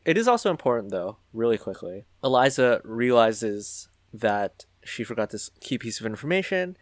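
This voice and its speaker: A man's voice: mid-range voice, sing-song, moderate pace, no room sound. A man co-hosting a podcast, recapping an episode in casual chat with wry asides. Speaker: podcast co-host.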